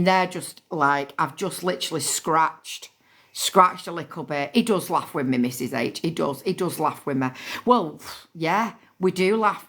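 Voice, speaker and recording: A woman's voice: on the low side, fairly bright tone. A woman, chatting casually and swearing freely while she hosts a live stream on her phone. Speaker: livestream host.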